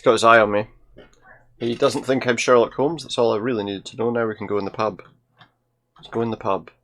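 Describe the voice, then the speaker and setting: A man's voice: medium pitch, fairly even intonation, fairly quick, fairly bright tone. A man giving casual let's-play commentary, thinking aloud and reading game dialogue as he plays. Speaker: video game player.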